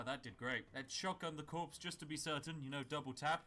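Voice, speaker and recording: A man's voice: on the high side, a little fast, few pauses, pushed and bright, slight background noise. A man with a British accent narrating his gameplay with dry, wry humor and mock-grand asides. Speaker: gaming YouTuber.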